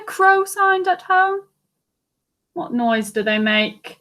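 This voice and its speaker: A woman teacher reading a picture book aloud to children, animated and asking them questions. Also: fairly high pitch, slow. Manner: animated, asks listeners questions. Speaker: primary school teacher.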